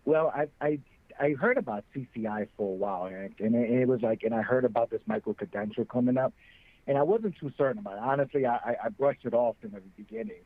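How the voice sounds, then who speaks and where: Gravelly man on a tinny phone line. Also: mid-range voice, quick pace. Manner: earnest, animated, repeats words when starting. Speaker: panelist, program graduate. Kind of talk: casual panel talk by phone.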